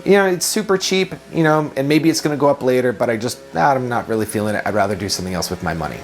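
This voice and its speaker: A man's voice: medium pitch, rapid-fire, faint music behind. A man in his thirties, a productivity coach, giving a reflective self-help talk full of questions and repeated phrases.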